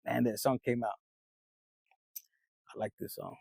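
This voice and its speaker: A man's voice: medium pitch, flat delivery, unhurried, gravelly, a little mellow, dry recording, low-quality recording. A man giving a casual tarot reading, rambling and streetwise, swearing freely as he talks to viewers. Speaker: tarot reader.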